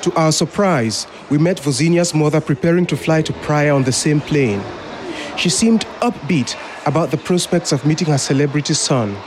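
A man narrating a scripted news report from abroad in a calm, narrated style. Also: on the high side, normal speed, slight background noise.

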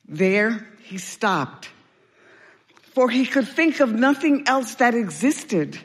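A woman, an actor, reading a story aloud in a slow, gentle and expressive way. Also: a little high, husky, long reverb tail.

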